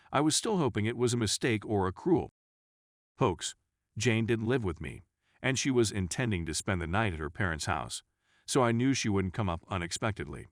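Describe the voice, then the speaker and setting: A man narrates a first-person story in a scripted, even reading pace. His voice sits on the low side and sounds dry and close, with no room around it. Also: no echo.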